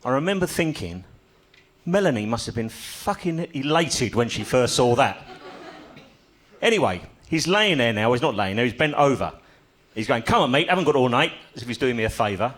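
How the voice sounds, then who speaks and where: A man's voice: mid-range voice, animated, moderate pace, a bit bright. An older man doing a stand-up comedy set on a club stage, telling stories with dry, self-mocking humor.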